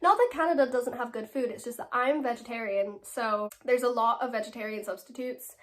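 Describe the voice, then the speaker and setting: A woman's voice: a little high, fairly quick. An eighteen-year-old woman with an Irish accent, an actress answering fan questions in a casual, chatty and giggly way. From Ireland.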